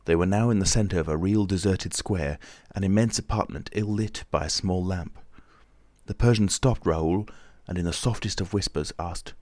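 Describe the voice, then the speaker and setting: A man narrating a classic novel as an audiobook in a steady, even storytelling manner. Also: low-pitched, moderate pace, no room sound. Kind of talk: scripted narration.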